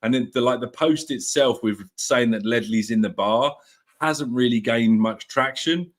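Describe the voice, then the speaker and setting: A man's voice: medium pitch, a little slow. Self-mocking man telling stories. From England. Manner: storytelling, self-mocking, breaks into voices. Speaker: regular guest. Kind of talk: casual chat.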